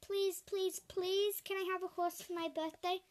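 A small girl pleads and sulks, her voice pitched high. She is read aloud by a woman telling a picture-book story. Faint background hiss. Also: little pitch movement, a little slow. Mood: pleading. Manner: pleading, whiny. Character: young girl, pleading and sulky.

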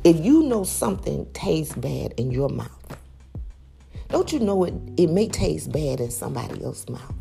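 A woman giving a preachy motivational talk, emphatic and full of rhetorical questions, swinging from loud high exclamations to low quiet asides. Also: very animated, a little slow, creaky, faint music behind. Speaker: motivational speaker.

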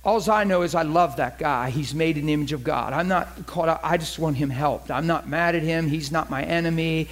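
A man's voice: a little high, brisk, hardly any pauses. A middle-aged man preaching to a church meeting, telling a story in a conversational, emphatic, folksy way. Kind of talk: sermon with storytelling.

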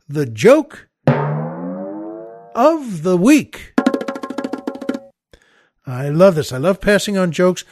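This is an older man with a fairly high voice, hosting his own comedy podcast. He rambles, chuckles and restarts as he plugs merchandise and tells an old joke. The sound is dry and close, with no room around it. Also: a little mellow, no echo. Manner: rambling, chuckling storyteller who tells jokes with little voices. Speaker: podcast host. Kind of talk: casual comedic monologue.

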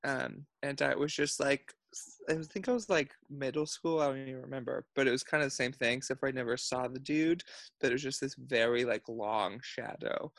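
Podcast co-host, male, fry in the voice, chatty storyteller. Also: medium pitch, brisk, a bit bright, no room sound. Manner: chatty storyteller, lots of fillers. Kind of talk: casual chat. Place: at his parents' house.

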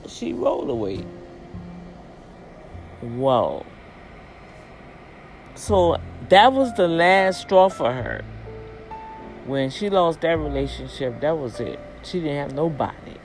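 A woman casually retelling a story, lively and expressive, acting out the people in it and dropping in religious asides. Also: takes it slowly, long pauses, soft background music, low-quality recording. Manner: animated, acts out quoted voices with big pitch jumps.

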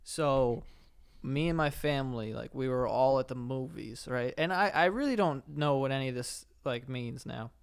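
A man co-hosting a podcast, telling a story in casual chat with lots of "like" fillers and an animated delivery. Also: mid-range voice, normal speed, creaky, clear, resonant tone. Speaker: podcast co-host.

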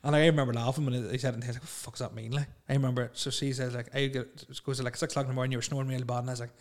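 A man's voice: mid-range voice, little pitch movement, rapid-fire. A young man in casual chat, rambling through stories, laughing often and swearing freely.

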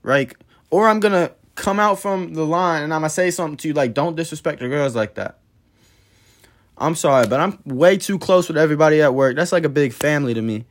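A man's voice: fairly high pitch, quick pace. A man hosting a podcast, telling a story in a blunt, profane, heated way. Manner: blunt, profane, heated retelling of a work dispute. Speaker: podcast host. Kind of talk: casual storytelling monologue.

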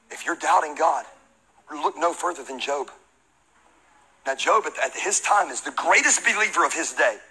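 A man who is a pastor, giving a humorous, conversational sermon and shouting out Bible readings. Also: a little high, slightly rough, poor audio.

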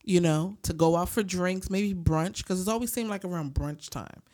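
A woman co-hosting a casual talk show, telling animated stories in speech and acting out the people she quotes. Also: fairly low pitch, moderate pace. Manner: animated storytelling, heavy swearing, acts out quoted voices. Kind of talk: casual chat.

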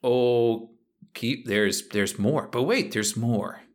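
A man's voice: medium pitch, takes it slowly. A man hosting a podcast as game master, describing scenes in a playful, detailed way. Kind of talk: narrating a tabletop game.

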